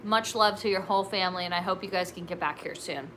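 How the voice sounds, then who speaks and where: Brief: bright, bubbly woman from California chatting to her livestream. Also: fairly low pitch, quick pace, slight background noise. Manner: bubbly, giggly, says "like" and "dude" a lot. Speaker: livestream host. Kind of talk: casual solo livestream chat.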